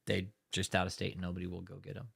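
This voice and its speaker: A man's voice: deep voice, monotone, quick pace, gravelly, breathy edge. Profane, ranting man on a livestream. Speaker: livestream host. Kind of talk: angry live-stream commentary.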